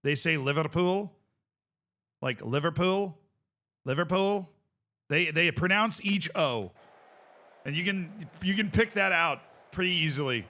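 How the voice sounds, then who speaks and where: A man streaming a football management game, chatting casually and reacting loudly to the play. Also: a little high, lively intonation, normal speed. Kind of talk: casual gameplay commentary.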